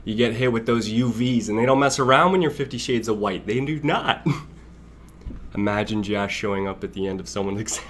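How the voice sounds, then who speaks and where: A man's voice: on the low side, normal speed, a bit bright, slight background noise. A young man hosting a casual live stream, rambling and chatty as he greets viewers by name and laughs along. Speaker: livestream host.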